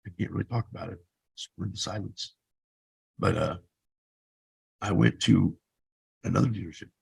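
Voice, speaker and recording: A man's voice: low voice, normal speed, creaky, darkish tone, husky, poor audio. A man in his fifties who vlogs, telling his own story in a blunt, profane, rambling way. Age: 50s. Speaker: vlogger. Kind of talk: casual personal storytelling.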